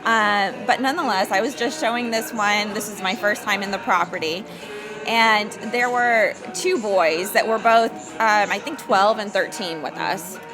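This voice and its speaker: A luxury real estate agent chats casually in an interview, telling stories as an animated storyteller and acting out the quotes. Her voice is mid-range at a moderate pace. Music plays in the background.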